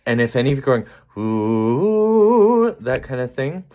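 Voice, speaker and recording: A man's voice: mid-range voice, fairly even intonation, racing, muffled recording. A man leading a choir rehearsal, counting beats aloud and demonstrating vocal sounds. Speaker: choir director. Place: rehearsal room with piano. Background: loud piano.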